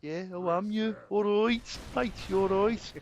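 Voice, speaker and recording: A man putting on a high mock Midlands bloke. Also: steady tone, moderate pace, a little mellow, a little hiss or hum. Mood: jokey. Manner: exaggerated mock accent. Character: jokey Midlands bloke greeting a mate.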